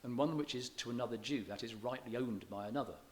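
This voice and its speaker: A scholarly man lecturing on poetry at a middle pitch, his delivery measured and careful, slowing to stress the beats when he reads verse aloud. A faint hiss sits under the recording. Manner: halting restarts, scholarly. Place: church hall.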